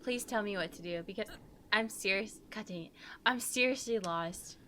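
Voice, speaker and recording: A woman's voice: mid-range voice, normal speed, pushed and bright, a little hiss or hum. A tipsy woman streamer chatting casually while playing a game, hiccuping, giggling and swearing often. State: tipsy from drinks. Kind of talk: casual gaming stream chat.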